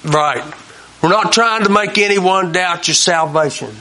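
A man's voice: high-pitched, a little slow, pushed and bright. A man hosting a Christian talk show, telling homespun stories in a folksy preaching manner and repeating his key lines for emphasis.

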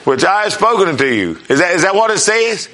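A man preaching a sermon in a folksy, plain-spoken way. He often checks in with his congregation and reads scripture slowly and emphatically. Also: sits high, big pitch swings, pushed and bright.

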